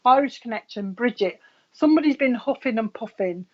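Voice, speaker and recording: A woman's voice: fairly high pitch, lively intonation, fairly quick, dull audio. Chatty woman psychic medium. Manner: chatty, relays messages with frequent laughs. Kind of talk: live mediumship reading.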